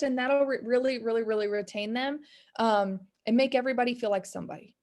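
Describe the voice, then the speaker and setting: A woman's voice: a little high, fast talker, a little mellow. A woman in her thirties, a business coach, talking candidly and rambling about faith and discouragement. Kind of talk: casual motivational talk. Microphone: video call.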